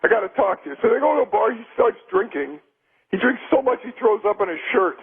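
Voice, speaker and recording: A man doing Super Dave, a gruff blustery stuntman. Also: high-pitched, lively intonation, fast talker, exaggerated voice. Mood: telling joke. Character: brash boastful male stunt-show persona. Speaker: radio guest. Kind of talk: radio call-in banter and joke telling. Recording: tinny phone line.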